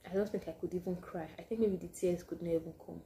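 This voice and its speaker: A woman chatting to her camera in a casual vlog. Her voice sits a little low and sounds mellow and warm. She tells her story with lively swings, now and then sinking into a hushed aside. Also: quick pace, vocal fry, a little hiss or hum. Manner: animated, drops to hushed asides. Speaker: vlogger.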